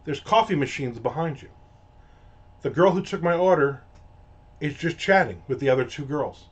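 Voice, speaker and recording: A man's voice: a little high, lively intonation, normal speed, breathy edge. A man hosting a casual ranting monologue, telling a story in a profane, exasperated way. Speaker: host. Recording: dull lo-fi audio.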